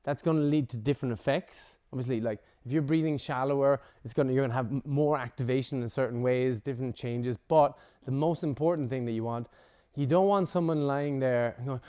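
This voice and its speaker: A man teaching a breathwork workshop to a group, casual and lively, swearing now and then and acting out examples. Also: mid-range voice, brisk. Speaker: breathwork instructor.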